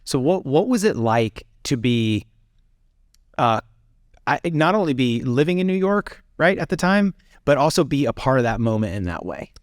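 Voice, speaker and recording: A man's voice: medium pitch, very animated, moderate pace, no echo, clean studio sound. A man hosting a podcast interview, asking questions in a casual, encouraging way. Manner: friendly, lots of fillers and restarts, encouraging reactions. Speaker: podcast host.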